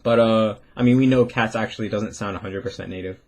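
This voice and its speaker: A man's voice: fairly low pitch, fairly even intonation, fast, darkish tone. A young man telling a casual, rambling story about learning a language, with frequent restarts and the odd swear word. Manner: rambling, swearing, acts out quoted voices.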